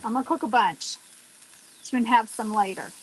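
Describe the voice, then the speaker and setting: Cooking on her outdoor deck, a woman vlogger chats briskly with her viewers in a fairly high voice, piling on the exclamations. There's slight background noise as she talks casually while she cooks.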